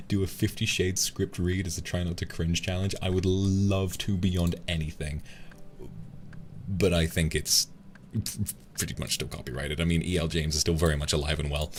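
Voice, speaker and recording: A man's voice: deep voice, moderate pace, a little hiss or hum. A man chatting casually to his stream viewers in a rambling, playful way, often laughing.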